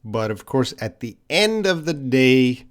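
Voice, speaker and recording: A man's voice: medium pitch, big pitch swings, measured pace. A man from Canada with a Canadian accent, an English teacher answering viewers' questions on a live stream in a patient, chatty way, explaining with repeated examples.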